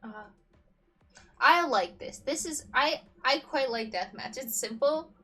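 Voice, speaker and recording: Lively self-mocking female streamer. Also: high voice, unhurried. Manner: chatty, self-deprecating, swearing. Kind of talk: casual gameplay commentary.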